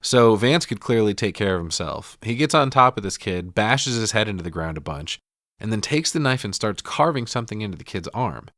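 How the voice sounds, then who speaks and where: A middle-aged man casually recapping a film, swearing, laughing and slipping into quick impressions. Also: fairly low pitch, expressive, fairly bright tone, no echo, clean studio sound. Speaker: podcast co-host.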